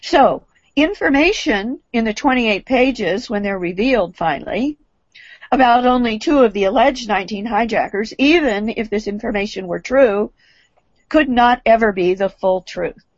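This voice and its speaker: A fairly high-voiced woman delivers a formal presentation in a deliberate, emphatic way, leaning hard on key words. The sound is dull and muffled, with a dry, close feel and no room echo. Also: lively intonation.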